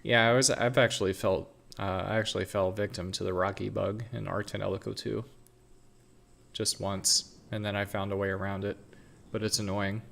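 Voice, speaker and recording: A man's voice: on the low side, flat delivery, normal speed, gravelly, fairly bright tone, a little hiss or hum. A man co-hosting a casual gaming podcast, talking hesitantly with stammered restarts. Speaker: podcast co-host. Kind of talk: casual chat.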